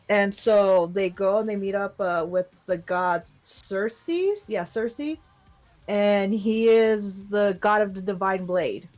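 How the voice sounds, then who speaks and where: A young woman on a casual podcast, walking through a story with a chatty, rambling rhythm. She is easygoing and conversational, stacking "like" and "and then" as she goes. Her pitch sits in an ordinary middle range. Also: a little mellow. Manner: chatty, loose storytelling with many fillers and laughs. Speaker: podcast co-host. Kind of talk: casual chat recapping an anime.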